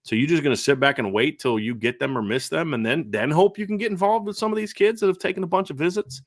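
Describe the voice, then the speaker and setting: A man's voice: fairly high pitch, fast talker, no room sound, studio quality. A man co-hosting a casual sports talk show, conversational and prone to repeating words as he starts a thought. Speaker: co-host.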